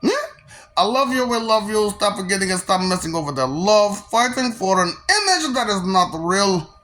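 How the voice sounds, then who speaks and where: A woman's voice: mid-range voice, big pitch swings, normal speed, a bit bright. A woman delivering a confrontational monologue in a taunting, mocking, preachy way.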